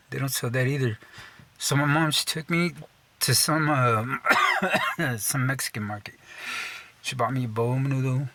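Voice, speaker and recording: Swearing nonstop and leaning on "dude," this young storyteller from Texas laughs at himself partway through sentences during his casual rant. His voice is a little high and sharp, with vocal fry.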